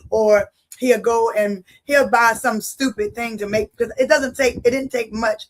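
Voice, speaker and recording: A woman's voice: fairly high pitch, steady tone, measured pace. A woman giving a personal faith testimony, telling her story vividly and speaking straight to her listeners like a preacher. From Philadelphia. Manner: vivid storyteller, acts out dialogue; preacherly, addresses audience directly.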